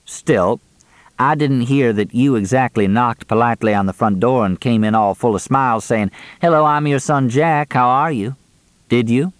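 A man voicing a sharp-tongued, middle-aged Southern woman with a probing, wry way of talking. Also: mid-range voice, normal speed, no echo, voice pushed up, close to an everyday voice.

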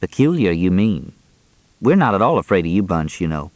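A man voicing a sharp-tongued, middle-aged Southern woman with a probing, wry way of talking. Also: deep voice, big pitch swings, moderate pace, no echo.

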